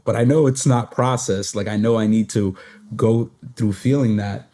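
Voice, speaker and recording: Low, mellow-voiced man chatting loosely. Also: fairly even intonation, moderate pace. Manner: rambling, heavy use of "like" fillers, laughs at himself. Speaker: podcast host. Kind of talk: casual conversation.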